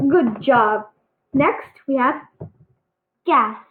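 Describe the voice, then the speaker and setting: A woman giving a casual pronunciation lesson on letter sounds, halting and full of fillers, encouraging her students. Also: high voice, animated. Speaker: Arabic alphabet teacher. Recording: echoey, tinny phone-like sound.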